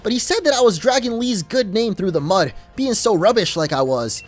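A man's voice: high voice, expressive, brisk, faint music behind, pitched above the performer's own voice. A man voicing an earnest teenage boy rival trainer with a light put-on British accent and an eager, heartfelt way of talking. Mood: downcast.

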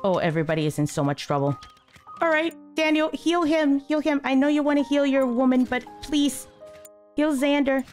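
A woman hosting a gaming channel, giving casual let's-play commentary, exasperated and swinging between high yelps and low mutters. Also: animated, moderate pace, faint music behind.

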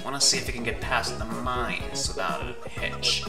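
A woman commentating on a game she is playing, playful and excitable, talking to the characters on screen. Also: extremely low pitch, normal speed. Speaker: gaming channel host. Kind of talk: let's play commentary. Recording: music playing under voice. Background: background music.

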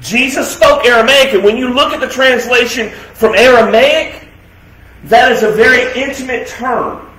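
Pastor, male, high-pitched, emphatic sermon delivery; loud proclamations that drop to hushed asides. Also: moderate pace. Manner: emphatic preaching with rhetorical questions; swings between loud declarations and quiet, soft asides. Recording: echoey room sound.

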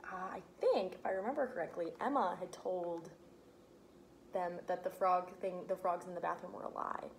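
A woman's voice: fairly low pitch, moderate pace, gravelly, a little hiss or hum, poor audio. Young woman, chatty read-aloud host, casual, filler words, home apartment. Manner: chatty, lots of ums. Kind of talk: casual chat and children's book reading.

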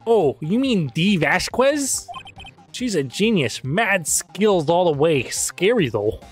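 A man putting on a nerdy male TV director from a video game, with a shaky mock Scandinavian accent that keeps slipping toward Scottish. He brags in a quick, offhand way, and the pitch swings around a lot. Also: sing-song, faint music behind, exaggerated voice. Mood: casual. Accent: mock Scandinavian drifting to Scottish.

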